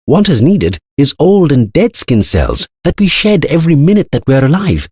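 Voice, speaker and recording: A man's voice: fairly high pitch, wildly swooping pitch, normal speed, darkish tone, husky, no echo, pitched above the performer's own voice, exaggerated voice. A man voicing an anxious older male scientist who explains at length in an earnest way. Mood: grave.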